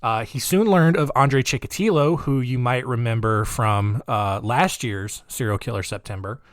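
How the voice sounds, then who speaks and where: A man's voice: medium pitch, moderate pace, no room sound. Dry-voiced man telling crime stories casually. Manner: digressive and jokey, many fillers. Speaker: podcast host. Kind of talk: casual true-crime storytelling.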